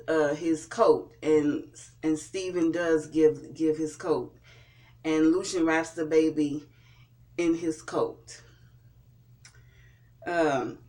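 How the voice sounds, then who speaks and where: A man giving a casual spoken recap and review of a TV episode, often repeating and restarting his words. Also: on the high side. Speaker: TV show reviewer.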